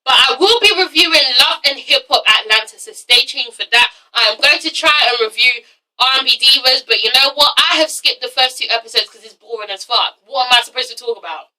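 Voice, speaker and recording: Poor audio and a distant mic capture a high-pitched, bright, forceful woman from London reviewing TV shows in a relaxed vlog. She has a London accent and a cold with a cough, and she speaks briskly, bluntly, and with plenty of swearing.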